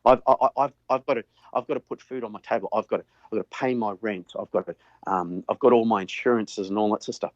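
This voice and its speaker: A man's voice: on the low side, steady tone, fast talker, no echo. A middle-aged man, a business owner, chatting casually as an interview guest and often repeating words while he thinks aloud. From Australia. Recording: dull lo-fi audio.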